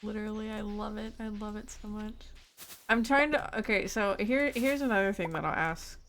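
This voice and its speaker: A woman's voice: mid-range voice, normal speed, fairly bright tone, slight background noise. Chatty woman streaming a farm game. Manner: chatty, thinks aloud and answers chat. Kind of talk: casual gameplay stream chat.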